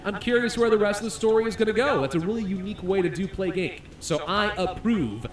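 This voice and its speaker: A man playing a game on video, excitedly reading its story text aloud and reacting with laughs. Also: high-pitched, quick pace, roomy sound, distant mic, soft background music. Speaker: gaming YouTuber.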